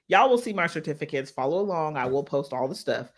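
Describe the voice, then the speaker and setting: Speaking quickly in a low, expressive voice, a woman who coaches business mindset chats casually with her live-stream followers, sounding emphatic and heartfelt and repeating phrases for emphasis.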